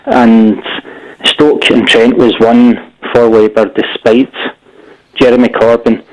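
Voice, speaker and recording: A man from Scotland calls in to a radio show, slightly out of breath. He speaks in halting bursts, repeating words as he gets going. His voice sits at a middle pitch. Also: little pitch movement, muffled recording. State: a bit out of breath. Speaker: caller. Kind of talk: phone-in call.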